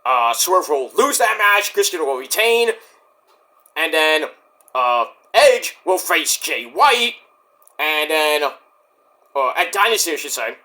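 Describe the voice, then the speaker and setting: A man's voice: fairly high pitch, slow pace, long pauses. A man giving a casual, profane recap of a wrestling show, reviewing it as host. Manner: animated, swears freely, acts out wrestlers' lines in shouted bursts.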